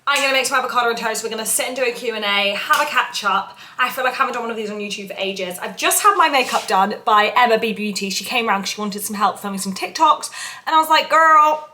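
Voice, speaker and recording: A woman's voice: fairly high pitch, fast, pushed and bright. Chatty woman vlogging at home. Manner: chatty, upbeat, rambling. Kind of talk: casual chat to camera. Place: home kitchen in a flat. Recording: echoey room. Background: dishes and cutlery clatter.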